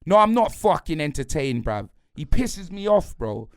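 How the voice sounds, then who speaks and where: A football fan pundit rants angrily about his team in heavy slang, heated and repetitive, peppering his lines with "blood" and "fam". His fairly high voice swings widely in pitch at normal speed, with clean studio sound and no room sound.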